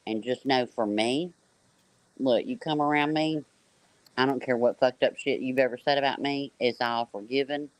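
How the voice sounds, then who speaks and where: A man's voice: mid-range voice, smooth, no room sound. Man panel host, reassuring and casual, dry close sound. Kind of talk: live-stream panel talk.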